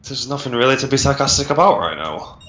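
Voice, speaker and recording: A man's voice: mid-range voice, lively intonation, quick pace, a bit bright, reverberant, slight background noise. Dry Yorkshire man commentating. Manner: dry sarcastic banter. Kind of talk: casual game commentary.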